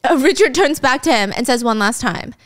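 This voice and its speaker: Female storyteller, casual and sarcastic, a bit high-pitched, loose and animated. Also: brisk. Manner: chatty, sarcastic asides, swears and laughs. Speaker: storyteller recapping a drama.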